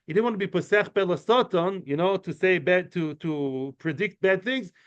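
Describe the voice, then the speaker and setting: Heard through a muffled lo-fi recording, a man whose voice sits high speaks at a moderate pace. As a Talmud teacher leading an informal study class, he explains things chattily with frequent asides and answers his students' questions.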